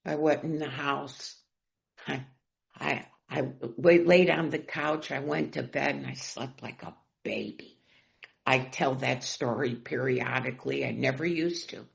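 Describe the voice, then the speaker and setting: A middle-aged woman giving an emotional personal share at a recovery meeting, swinging between loud bursts and near whispers. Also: extremely low pitch, fairly even intonation, measured pace, gravelly, highs cut off.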